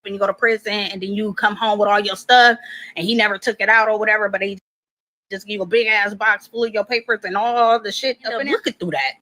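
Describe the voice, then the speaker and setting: A woman tells a personal story in a casual, blunt way, with lots of swearing. Her voice sits at a middle pitch, and she acts out both sides of the conversations she describes. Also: fairly even intonation, quick pace, pushed and bright, rough recording.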